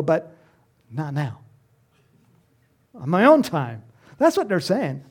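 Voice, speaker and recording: A middle-aged male pastor preaches a sermon in an animated storytelling style. His voice sits high and carries some gravel, and it swings widely in pitch as he acts out the characters. He laughs often as he goes. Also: normal speed, pauses often.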